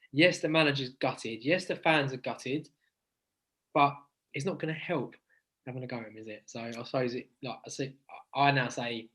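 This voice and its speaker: A man's voice: mid-range voice, fairly bright tone, poor audio. A man co-hosting a podcast as a youth football coach, talking in a rambling, earnest and encouraging way over a remote call. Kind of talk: casual podcast chat.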